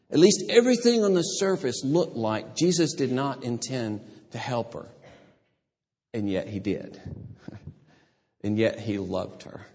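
A man pastor preaching a sermon, animated, acting out the voices of people in the story he tells. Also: on the high side, a little slow, breathy edge. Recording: long hall reverb.

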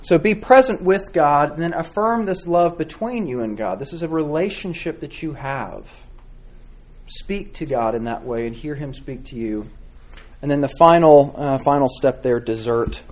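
A man teaching a church class on devotional reading, speaking with frequent pauses, fillers and restarts. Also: fairly high pitch, expressive. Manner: halting, many fillers and restarts, warm encouraging replies. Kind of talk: Sunday school class teaching.

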